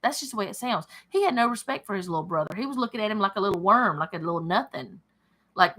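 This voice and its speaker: A woman's voice: medium pitch, expressive, quick pace, sharp tone. A woman leading a home Bible study, reading scripture aloud and chatting about it as she thinks aloud and corrects herself.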